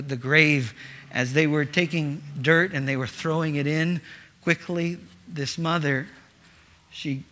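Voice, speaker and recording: Man, pastor, middle-aged, earnest sermon delivery, bright tense voice, stumbles into phrases. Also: medium pitch. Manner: earnest, repeats words when starting phrases.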